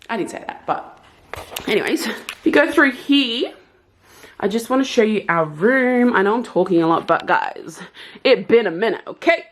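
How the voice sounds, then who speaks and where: A woman's voice: on the high side, expressive, normal speed. A chatty young woman vlogging casually from her bedroom at home, rambling through her plans and purchases. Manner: chatty, rambling, self-aware. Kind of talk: casual vlog chat.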